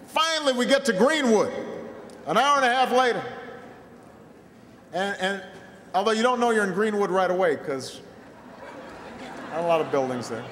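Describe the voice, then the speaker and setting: A man giving a campaign rally speech, telling a self-mocking story and then rallying the crowd with shouted calls. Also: high-pitched, animated, moderate pace, pauses often, a little hiss or hum. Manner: storytelling with a self-mocking humor, building into shouted call-and-response. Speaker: political speaker at a rally. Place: large rally venue full of people. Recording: echoey PA sound in a long hall with a loud crowd. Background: cheering crowd.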